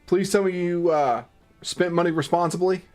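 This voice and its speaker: A man's voice: high-pitched, steady tone, moderate pace, a little mellow, faint music behind. A man streaming a game, narrating it with jokes, frequent swearing and theatrical outbursts. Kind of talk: casual live-stream chat and game narration.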